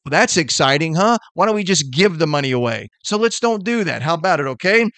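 Middle-aged man, sales podcast host, rapid-fire motivational delivery, fairly high voice, dry close sound. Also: lively intonation, fairly bright tone, no room sound. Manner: fast, emphatic and blunt. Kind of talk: energetic motivational talk.

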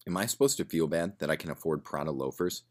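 A man's voice: rumbling low, lively intonation, fast. A man voicing a prickly, well-off woman who answers defensively in a bar. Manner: defensive, sharp retorts.

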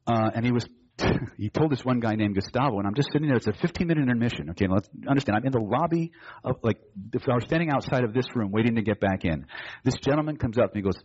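A man's voice: medium pitch, lively intonation, fast talker, darkish tone, husky, muffled recording. A man teaching a live seminar, telling a story and acting out both sides of the dialogue, to a room of students. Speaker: hypnosis and NLP trainer.

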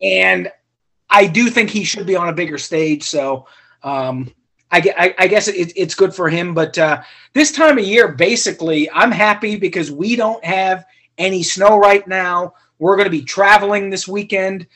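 A man's voice: high-pitched, expressive, normal speed, pushed and bright. A man from Ohio co-hosting a casual sports podcast, dry and matter-of-fact with small hesitations. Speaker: podcast co-host.

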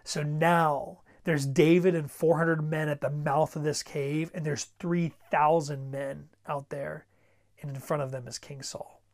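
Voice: medium pitch, fairly even intonation, unhurried. A pastor preaching a sermon in a conversational way, repeating words and pressing urgent exhortations.

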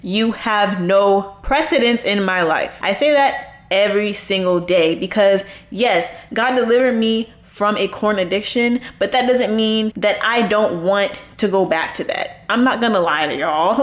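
A woman's voice: medium pitch, moderate pace, few pauses. A woman hosting a faith podcast who gives an earnest, conversational testimony and urges listeners on. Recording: echoey room.

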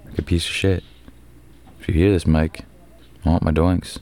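A young man hosting his own podcast alone, rambling through a casual story full of swearing, with sudden loud bursts. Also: deep voice, flat delivery, moderate pace, vocal fry. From Canada. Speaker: podcast host. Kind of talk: casual solo podcast monologue.

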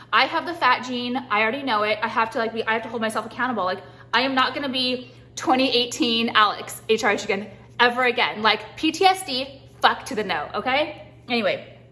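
A woman's voice: a little high, pushed and bright. Brash, profane young woman ranting. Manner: brash, profane, rambling with many fillers. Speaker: vlogger. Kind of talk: profane comedic rant vlog. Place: home kitchen. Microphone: phone or camera set on counter, moving.

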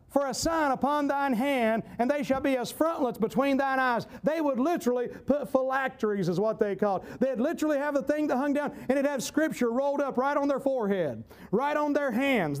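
High-voiced Southern preacher, folksy and emphatic. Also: male voice. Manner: folksy, emphatic, repeats key phrases, bursts into shouting. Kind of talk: sermon.

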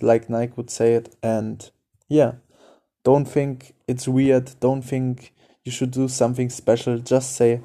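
A man hosts a casual advice podcast, speaking in a direct, coaching way and circling back over the same points. His voice sits in a middle pitch with a very dark, mellow timbre. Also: little pitch movement, unhurried. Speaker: podcast host.

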